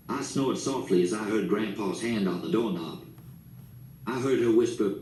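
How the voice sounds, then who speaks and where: A man's voice: on the low side, moderate pace, mellow. A man reading an audiobook, telling the story plainly. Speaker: audiobook narrator. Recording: echoey room, distant mic, faint hiss.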